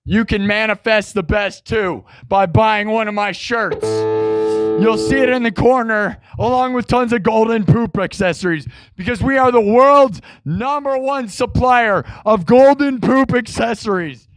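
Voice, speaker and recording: A man hosting a live music stream, chatting in a rambling, excitable way and breaking into shouts. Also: sits high, a little slow, no room sound. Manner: excitable, bursts into shouts, heavy use of "like".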